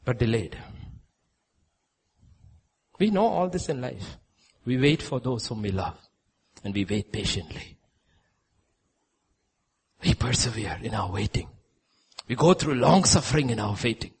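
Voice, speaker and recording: A male preacher delivering a sermon, telling stories and swinging between loud emphasis and hushed lines. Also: on the high side, normal speed, pauses often, husky.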